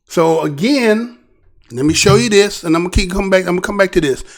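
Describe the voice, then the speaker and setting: A man's voice: high voice, lively intonation, fast. A man hosting his own news commentary show, talking casually and animatedly, often asking "right?" and restarting his phrases. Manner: rhetorical, repeatedly asks "right?".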